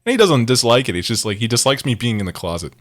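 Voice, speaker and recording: Rambling, excitable young man podcaster. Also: mid-range voice, fast, slight background noise. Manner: rambling, excitable, swearing, laughs loudly. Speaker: podcast co-host. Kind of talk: casual podcast banter.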